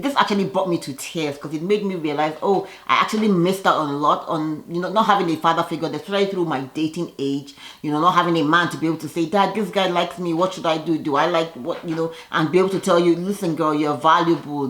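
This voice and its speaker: A reality TV recap vlogger with a low-pitched voice casually chats through a TV episode, leaning on "you know" and acting out the cast's lines with animated quotes. The recording has a roomy echo.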